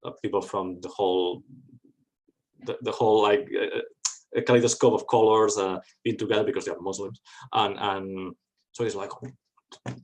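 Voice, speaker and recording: Wry, lively male lecturer, lowish voice. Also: rough recording. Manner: lively, wry, quick restarts. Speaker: guest speaker. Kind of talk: academic talk Q&A.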